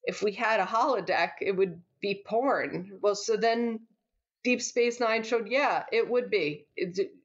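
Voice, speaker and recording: A woman's voice: mid-range voice, a little slow. Chatty, laughing woman comedian. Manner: animated, chatty, laughs often, restarts words. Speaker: guest, stand-up comedian. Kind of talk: casual interview chat. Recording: slightly dull, lo-fi sound.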